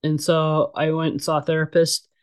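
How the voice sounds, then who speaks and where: A woman's voice: sits low, little pitch movement, normal speed, clean tone. A middle-aged woman speaking as an interview guest, telling her own story in plain, candid talk. Her delivery is blunt and casual. She leans on fillers and restarts her sentences often.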